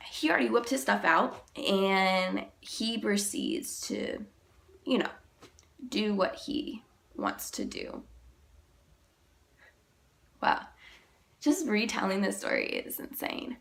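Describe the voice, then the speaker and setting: A young woman vlogger, sick and deeper-voiced than usual, retelling a personal story in a halting, emotional way, full of "like". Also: big pitch swings, gravelly, a bit bright.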